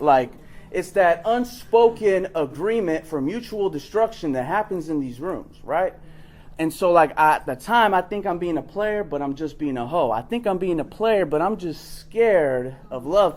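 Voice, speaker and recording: Young man, a bit high-pitched, candid recovery speaker, casual and profane. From Los Angeles area. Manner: candid, profane, street-casual with many "like" and "right?". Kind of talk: personal recovery share at a workshop.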